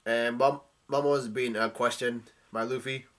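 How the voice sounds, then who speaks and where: A man casually recapping a comic chapter, halting and full of fillers as he goes. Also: mid-range voice, fairly even intonation, a bit bright. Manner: halting, with many fillers and restarts. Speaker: manga reader and recapper.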